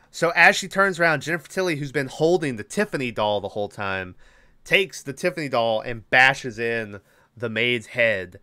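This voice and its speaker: Male podcast host, smooth clear voice, dry close sound, rambling profane recap. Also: mid-range voice, normal speed, dry recording. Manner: animated, swears freely, rambling with fillers. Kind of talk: casual movie recap.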